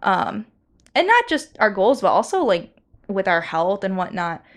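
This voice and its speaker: A woman's voice: mid-range voice, sing-song, a little slow. A woman co-hosting a casual podcast, speaking earnestly with frequent laughs and hesitant fillers. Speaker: podcast co-host. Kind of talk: casual chat.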